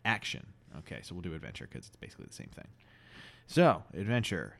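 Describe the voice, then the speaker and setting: A young man with a low, lively voice co-hosts a casual improv podcast. He rambles playfully, restarts his sentences and lets them trail off into quiet asides. The sound is dry and close to the mic. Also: fast, gravelly, dry recording. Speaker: podcast co-host.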